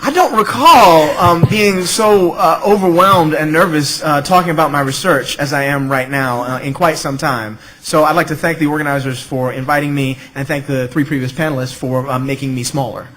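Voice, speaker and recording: A man's voice: on the high side, normal speed, few pauses, bright, forceful tone, rough recording. A middle-aged man speaking on an academic panel, witty and emphatic, often checking in with "okay?" and "right?". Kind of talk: academic conference talk.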